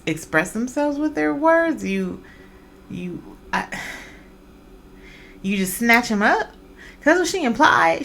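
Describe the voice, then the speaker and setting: A woman's voice: medium pitch, a bit bright, slight background noise. A woman hosting a podcast, talking in a blunt, profane, casual monologue full of incredulous questions. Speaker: podcast host.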